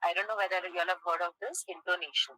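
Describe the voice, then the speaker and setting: A woman teacher lecturing a class, checking in with "okay?" and pausing on "uh". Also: lowish voice, steady tone, pushed and bright, no echo, poor audio. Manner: explains with frequent "okay?" check-ins and "uh" pauses.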